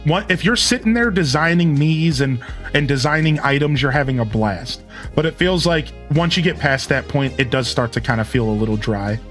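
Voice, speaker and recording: A man with a slightly high voice chats loosely during a live stream, rambling on and answering his viewers as he goes. Soft game music sits faintly behind him. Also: animated, moderate pace. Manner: rambling, chatty, reads out chat messages. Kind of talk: casual live-stream chat.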